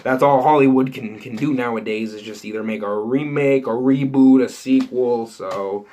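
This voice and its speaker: A man who vlogs about entertainment news talks loosely to his viewers about movie news, in a mid-range voice at a moderate pace. He rambles, restarts sentences, and leans on fillers like "you know" and "like," as if thinking out loud to the camera in an unscripted way. There's a little hiss or hum in the recording.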